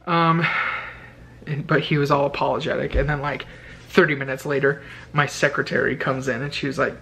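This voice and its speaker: A man's voice: a little high, animated, moderate pace, creaky, long pauses, a bit bright, husky. A young man vlogging from bed at night, telling a story in a chatty, laughing way and quoting people in raised voices, into a handheld camera. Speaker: vlogger, teacher. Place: bedroom at night. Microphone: handheld camera held overhead.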